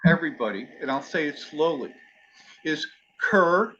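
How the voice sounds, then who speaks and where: Man class leader on a video call: upbeat, bright tone, careful with details. Muffled call audio. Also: a little high, lively intonation. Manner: eager, effusive, spells things out slowly. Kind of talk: hosting an online study class.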